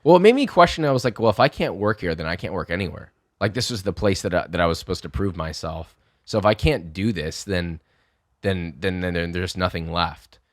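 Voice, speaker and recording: A young man telling a lively story in casual chat, swearing freely and acting out the people he quotes. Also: deep voice, brisk, no room sound, studio quality. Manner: animated, swearing, acts out quotes. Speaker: podcast guest.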